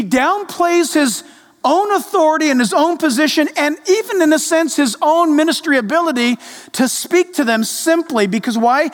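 A male pastor preaching a sermon in a church, animated and speaking directly to the congregation. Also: extremely high pitch, normal speed. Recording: echoey reverb of a large hall.

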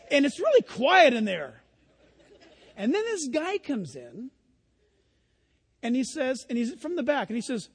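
A male pastor preaches a sermon in a large church hall, telling stories conversationally and putting rhetorical questions to the congregation. His very high voice is sing-song, with a moderate pace and long pauses.

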